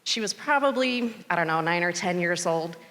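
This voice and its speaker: Middle-aged woman, lowish voice, storytelling conference welcome, big hall reverb. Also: normal speed. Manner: storytelling, animated when quoting the robot. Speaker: board chair giving conference welcome. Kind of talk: conference speech. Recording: long reverb of large hall.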